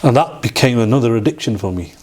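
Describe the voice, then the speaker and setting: A man's voice: medium pitch, expressive, a little mellow. Man telling his story. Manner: halting, with restarts and acted-out quoted dialogue. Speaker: interview guest. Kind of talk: personal storytelling.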